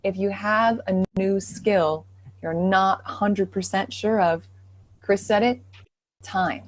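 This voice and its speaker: A woman's voice: mid-range voice, slow. A woman co-hosting a live accent Q&A, speaking in an encouraging, reassuring way. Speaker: co-host accent coach. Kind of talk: casual livestream advice.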